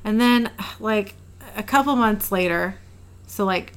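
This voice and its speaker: A woman's voice: mid-range voice, smooth. A young woman co-hosting a podcast, telling a short story of her own in easygoing casual chat. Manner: easygoing, quick agreeing backchannel. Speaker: podcast co-host.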